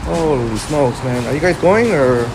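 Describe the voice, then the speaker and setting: High-voiced blunt man streaming outdoors. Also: animated, measured pace. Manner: blunt, self-described hothead; chatty, reads out and answers chat. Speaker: live-stream host. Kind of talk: casual walking live stream, chatting with viewers. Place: outdoors on a city sidewalk. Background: faint street traffic.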